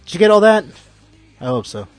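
A man in casual talk, recapping a show in a rambling, excitable way with lots of fillers and swearing. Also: high voice, brisk, no room sound, faint music behind. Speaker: podcast host.

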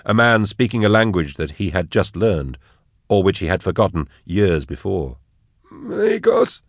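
A man narrating an audiobook in a measured, dramatic way. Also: sits low, no room sound, studio quality.

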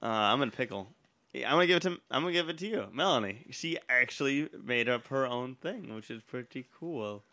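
A man hosting a podcast, running a comic accent party game in a joking, animated way. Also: mid-range voice, brisk, dry recording. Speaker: podcast host.

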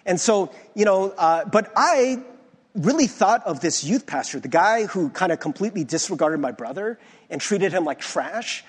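Man preaching, husky voice, high lively pitch, long church reverb. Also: normal speed. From United States. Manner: conversational, animated, many restarts and "like". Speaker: pastor. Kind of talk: sermon with personal stories. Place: church sanctuary.

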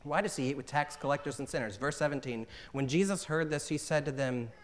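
A man preaching a sermon as pastor, earnest, slowing down to stress scripture lines. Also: a little high.

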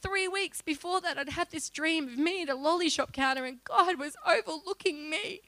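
A woman giving an emotional personal testimony as a church speaker, acting out her own pleas loudly as she tells the story. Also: very high-pitched, moderate pace, dry recording. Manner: emotional storytelling that breaks into loud pleading re-enactments.

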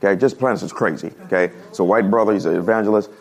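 A man preaching a humorous storytelling sermon to his congregation, animated and laughing at his own stories. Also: on the low side, rapid-fire. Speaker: pastor. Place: church service before a congregation.

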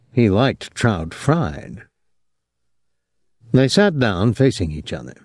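In a clean studio recording with no room sound, a man narrates a novel as an audiobook reader. His fairly low voice tells the story in a measured, expressive way.

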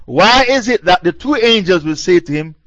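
Combative high-voiced male preacher, lo-fi. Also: expressive, moderate pace, fairly bright tone, no echo. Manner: combative, mocking, repeats points for emphasis. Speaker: Islamic preacher. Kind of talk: religious lecture. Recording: dull lo-fi dry recording.

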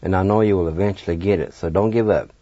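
A man's voice: sits low, quick pace, mellow, dry recording. A man teaching a radio language lesson, patiently spelling words letter by letter and encouraging learners. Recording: dull, dry lo-fi radio sound.

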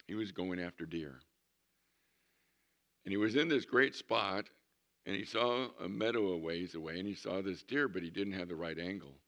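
A man's voice: deep voice, fairly bright tone. A man in his sixties, a pastor preaching a conversational sermon with humorous storytelling in a church. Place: church sanctuary.

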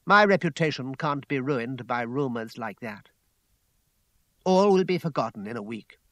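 A man reading aloud voices a smooth, evasive gentleman in a lower, measured tone. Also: lively intonation, no echo, muffled recording, lightly acted.

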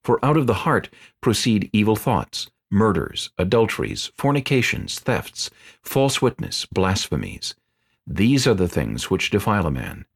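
A calm, authoritative teacher , voiced by a man reading aloud speaks in a low voice with measured, earnest phrasing. The pitch moves in a lively way, and the manner stays grave and composed throughout this dramatized scripture reading. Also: breathy edge, full character voice. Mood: teaching.

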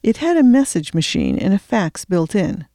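A woman narrating an audiobook in a steady, measured storytelling voice. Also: on the low side, no echo, studio quality.

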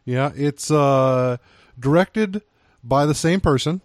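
Relaxed man co-hosting a dry-sounding chat. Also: mid-range voice, slow, no echo. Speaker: podcast co-host. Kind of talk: casual chat.

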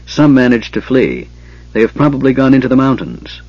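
A man's voice: medium pitch, sing-song, a little fast, dry recording, lo-fi sound, pitched above the performer's own voice. A man reading aloud, voicing a stern, bitter tribal warrior who talks tersely and coldly. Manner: terse, cold.

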